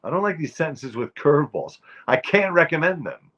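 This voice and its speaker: Wry, animated man ranting comically. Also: on the high side, a little fast, highs cut off. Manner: wry, emphatic ranting about phrases. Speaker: show host. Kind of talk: comic monologue.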